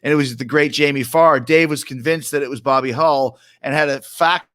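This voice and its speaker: A man's voice: mid-range voice, steady tone, brisk, fairly bright tone, dry recording. A man co-hosting a podcast, chatting casually and laughing as he rambles through stories. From Canada. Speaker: podcast co-host. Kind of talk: casual chat.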